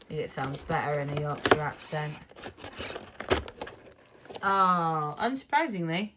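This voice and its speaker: A woman vlogger chatting casually to camera as she opens advent calendars, often breaking into drawn-out 'ooh' exclamations. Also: sits low, background noise. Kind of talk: casual vlog narration.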